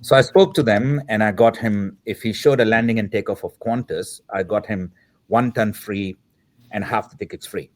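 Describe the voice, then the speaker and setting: A middle-aged man with a low voice recounts a story as a podcast guest, animated throughout. He slips into the voices of the people he describes and keeps the tale moving. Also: normal speed. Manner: animated, acts out the dialogue of the people in his story. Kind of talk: storytelling in an interview.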